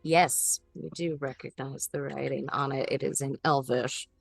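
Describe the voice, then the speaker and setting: Unhurried low-voiced woman game master. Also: gravelly, soft background music. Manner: relaxed, unhurried narration with filler ums. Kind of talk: narrating a tabletop game.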